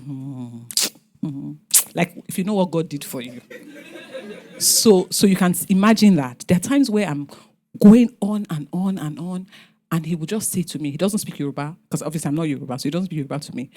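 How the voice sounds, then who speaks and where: A woman's voice: fairly low pitch, quick pace. A middle-aged woman with a Nigerian accent, telling family stories on a panel and acting out what her relatives said. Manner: animated, acts out family members' lines. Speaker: guest speaker. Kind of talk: storytelling on a panel.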